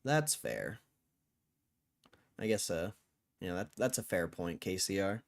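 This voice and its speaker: Low-key man chatting on a livestream. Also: a little slow, gravelly. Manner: low, flat, mumbling tone he says sounds angry; breaks into song and a high cheery put-on voice as a joke. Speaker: stock livestream host. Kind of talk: casual livestream chat with viewers.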